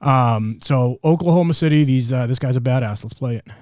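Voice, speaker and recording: A man's voice: mid-range voice, brisk, darkish tone, no echo, studio quality. A man co-hosting a podcast, bantering casually and joking with profanity. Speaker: podcast co-host.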